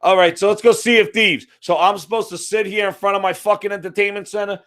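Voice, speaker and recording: A man's voice: sits high, little pitch movement, quick pace, a bit bright. A man from the United States ranting about a video game, profane, exasperated and sarcastic. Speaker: gaming commentator. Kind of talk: ranting monologue.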